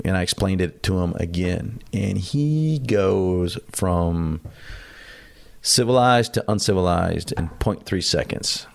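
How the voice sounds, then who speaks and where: Gravelly low-voiced man telling a story. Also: takes it slowly. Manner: animated, acts out quoted dialogue; blunt, salty language. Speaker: podcast guest. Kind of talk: conversational storytelling.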